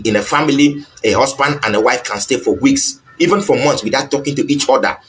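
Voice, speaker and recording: A man's voice: medium pitch, rough recording. A man giving an earnest, repetitive talk on marriage. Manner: earnest, repetitive, acts out little quoted exchanges. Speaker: relationship teacher.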